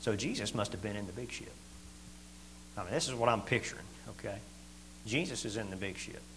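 A middle-aged man preaching a sermon in a folksy, plain-spoken way, swinging from loud to quiet. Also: lowish voice, lively intonation, a little fast. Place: church hall. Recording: echoey hall with faint hum.

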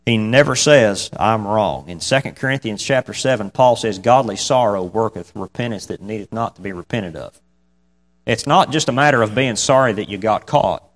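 A man's voice: lowish voice, normal speed. A man preaching a casual, folksy sermon. He reads scripture and then talks it through in a conversational way, chuckling between points.

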